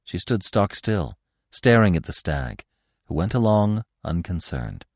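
A man's voice: deep voice, sing-song, a little slow, darkish tone, no room sound, clean studio sound. A man narrating a classic children's story expressively as a podcast host. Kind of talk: audiobook narration.

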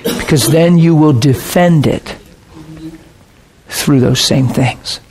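A man's voice: on the high side, slow, a little mellow. A man preaching with earnest intensity, retelling a personal story and acting out both sides of the conversation. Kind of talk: sermon storytelling.

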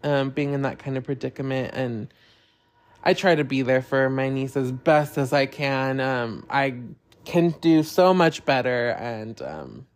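Guy doing a chill solo podcast, super candid, cusses a lot, mid-pitch voice. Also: unhurried. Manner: candid, swears freely, talks openly about feelings. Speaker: podcast host. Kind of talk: casual solo podcast chat.

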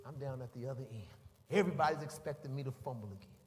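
A man preaching a storytelling sermon, animated and acting out scenes, rising to shouts at the peaks, in a roomy hall. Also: medium pitch, fast talker.

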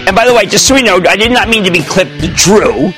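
Excitable husky-voiced man hosting TV. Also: sits high, fast talker, soft background music. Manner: emphatic, excitable, jokey, riffing. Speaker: host. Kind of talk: animated stock market call-in show. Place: TV studio.

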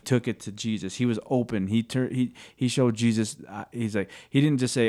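A man sharing scripture in casual faith talk, earnest and halting, often searching for words. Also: mid-range voice, fairly even intonation, mellow.

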